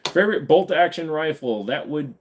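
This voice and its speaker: A man's voice: on the high side, lively intonation, moderate pace, a little hiss or hum. A man hosting a casual live stream, answering viewer questions and slipping into silly voices.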